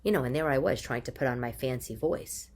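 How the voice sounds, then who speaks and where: A woman's voice: a bass voice, brisk, darkish tone. A woman in her forties with a strong New York accent, hosting a casual monologue podcast in a chatty, exasperated, wisecracking way. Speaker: podcast host. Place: living room.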